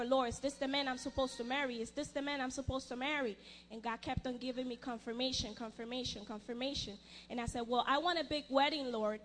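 A young woman giving a personal testimony in church, earnest and halting, often restarting her sentences. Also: high voice, a little hiss or hum.

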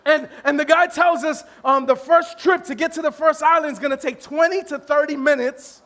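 A male pastor with a very high voice tells his congregation a comic story at a moderate pace with few pauses. Animated and self-deprecating, he bursts into laughter, stumbles over restarts, and rises to a shout at the funny parts in this humorous sermon.

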